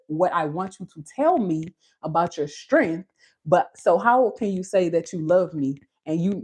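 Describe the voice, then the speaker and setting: A woman with a Caribbean Creole accent hosting a casual, animated Bible talk, with a husky voice and frequent laughter. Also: on the low side. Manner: animated, preachy, laughs often. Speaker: beauty channel host.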